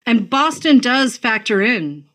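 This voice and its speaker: A woman from Massachusetts hosting a podcast interview, chatty and enthusiastic with quick asides. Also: on the high side, big pitch swings, bright, forceful tone. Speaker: podcast host. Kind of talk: casual interview chat.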